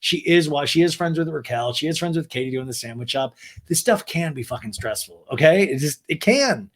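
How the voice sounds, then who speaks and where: A man hosting a podcast, giving a casual, animated and opinionated recap, swearing freely. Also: on the high side, brisk. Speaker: podcast host.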